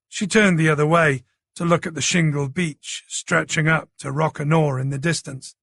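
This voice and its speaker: A man narrating a thriller audiobook in a steady, even storytelling manner. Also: a little high, moderate pace, gravelly, hardly any pauses, no room sound, clean studio sound.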